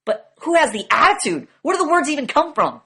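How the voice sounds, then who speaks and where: Fast, bright-voiced profane woman lecturing. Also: high voice, sing-song. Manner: profane, emphatic, rapid rhetorical questioning. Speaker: class instructor. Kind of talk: classroom lecture.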